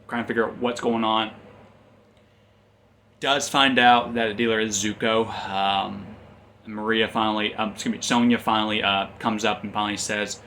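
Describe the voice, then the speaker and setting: A man's voice: on the low side, fairly even intonation, moderate pace, pushed and bright, slight background noise. A man casually recapping a comic's plot as a reviewer, rambling with frequent ums and restarts.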